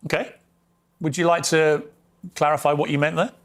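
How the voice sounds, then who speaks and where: A man's voice: fairly high pitch, little pitch movement, moderate pace. A man interviewing a guest on a broadcast, pressing him with probing follow-up questions. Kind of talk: televised interview.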